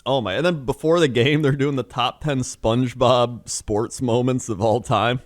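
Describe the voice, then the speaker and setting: A man's voice: mid-range voice, moderate pace, no echo, studio quality. A young man co-hosting a podcast, telling stories in casual chat, laughing often and acting out quotes. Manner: animated storytelling, laughing often, acts out quotes. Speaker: podcast co-host.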